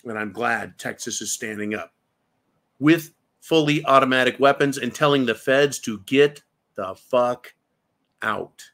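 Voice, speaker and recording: A bit bright and a little slow, this mid-range male voice belongs to an angry political show host. He rails through his commentary with heavy profanity, posing question after rhetorical question.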